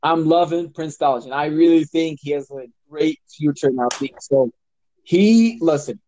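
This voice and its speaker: A man, a regular of the show, telling a lively story in casual podcast chat. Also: on the high side, normal speed, no echo, low-quality recording. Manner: animated storyteller.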